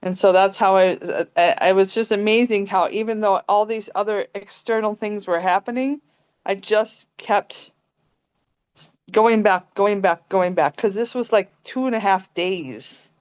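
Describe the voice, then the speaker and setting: A young woman talks gently and calmly, laughing lightly as she shares a personal story on a video call. Her voice is smooth and resonant. The sound is dry and close, slightly dull, as from a phone camera. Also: mid-range voice, a little slow, no echo. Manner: calm, gentle, laughs often. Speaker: meditation participant sharing a story. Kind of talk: casual spoken testimony on a video call.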